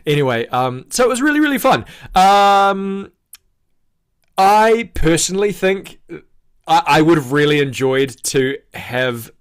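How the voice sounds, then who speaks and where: A man's voice: on the high side, sing-song, unhurried, smooth. A man with a New Zealand accent, a guest actor chatting casually on a video call, rambling politely and correcting himself as he goes. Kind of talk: casual interview chat.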